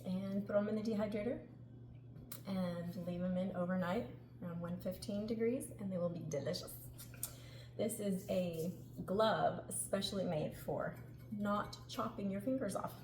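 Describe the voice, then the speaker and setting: A middle-aged woman presenting a home-kitchen cooking demo speaks in a steady, mid-range voice at a moderate pace. She keeps things casual, upbeat, and chatty with frequent laughter, while the room sounds echoey and noisy in the background.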